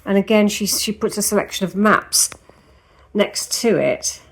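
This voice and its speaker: A woman's voice: mid-range voice, unhurried. A woman vlogger chatting casually to camera, rambling and speaking directly to the viewer, first at home and later outdoors in a park. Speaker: lifestyle vlogger.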